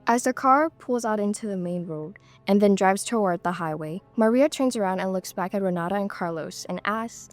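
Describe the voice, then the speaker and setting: A woman narrates a serialized audio story at a middle pitch, steady and clear. Faint music runs beneath her reading. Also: moderate pace, hardly any pauses. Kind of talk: scripted narration.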